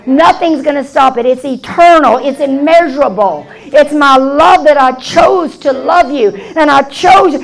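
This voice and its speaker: A woman pastor preaching a sermon with passion, dropping to a hush and then rising to a shout. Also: high-pitched, normal speed, hardly any pauses, low-quality recording. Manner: impassioned preaching, swinging from hushed to shouted. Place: church meeting hall.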